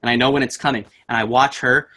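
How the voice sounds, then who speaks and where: Young man, bright forceful tone, animated casual ghost-story teller. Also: medium pitch, quick pace. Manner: animated, acts out voices in his story.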